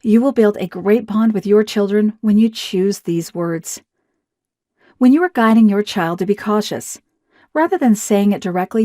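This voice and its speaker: A woman reading a scripted promotional narration in a smooth, even, persuasive way. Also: mid-range voice, no room sound, studio quality.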